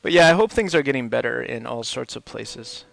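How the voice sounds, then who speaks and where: A man's voice: mid-range voice, lively intonation, fairly quick, gravelly. A man chatting casually while he hosts a game livestream, rambling and laughing often. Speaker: livestream host, English teacher. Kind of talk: casual chat while gaming.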